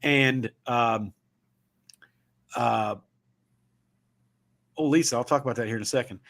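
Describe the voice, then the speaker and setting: A man's voice: medium pitch, a little slow, vocal fry, fairly bright tone. A man with a Southern Ohio accent, hosting a casual livestream talk and telling rambling, folksy stories. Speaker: show host.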